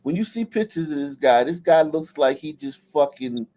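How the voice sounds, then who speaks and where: A man's voice: on the high side, expressive, moderate pace, mellow, rough recording. A male livestream host giving casual, profane, mocking reaction commentary.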